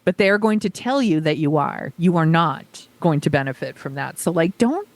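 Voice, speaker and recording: A woman's voice: low voice, lively intonation, normal speed, no echo. Blunt, swearing woman podcast co-host. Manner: blunt, emphatic, swears freely. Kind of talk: casual chat.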